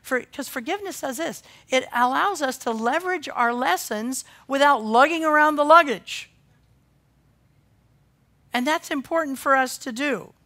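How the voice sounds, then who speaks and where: A woman pastor preaching a sermon, swinging from loud emphasis to quiet intensity. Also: high-pitched, moderate pace.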